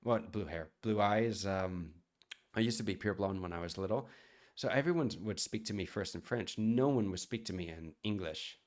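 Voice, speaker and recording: Chatty man with a lowish voice. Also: normal speed. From United States. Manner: chatty, rambling, answers viewer chat. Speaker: chef and streamer. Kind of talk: casual live-stream chat.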